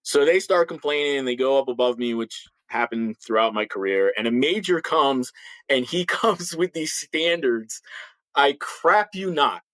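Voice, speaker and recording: In a rough recording without echo, a retired police officer in his fifties tells frank interview stories, blunt and emphatic, with a slight lisp. He often restarts and repeats words to get sentences going. His mid-range voice is a bit bright, with lively intonation at a moderate pace.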